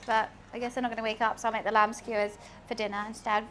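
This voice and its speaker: A woman's voice: on the high side, fast talker, hardly any pauses, a bit bright, a little hiss or hum. A young woman with a slight lisp, chatting playfully with her stream chat while she cooks. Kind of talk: casual cooking stream chat.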